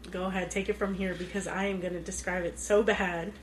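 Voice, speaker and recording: A woman's voice: on the low side, level tone, fairly quick, slight background noise. A woman co-hosting a podcast in casual chat, retelling movie scenes with lots of "like"s. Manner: chatty, retells scenes with many "like"s. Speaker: podcast co-host.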